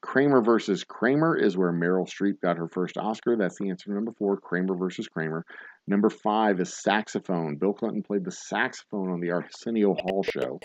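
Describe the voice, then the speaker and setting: A man hosting a livestreamed bar trivia night, reading questions slowly and joking casually with some swearing. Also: sits low, dry recording, dull audio. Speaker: trivia host.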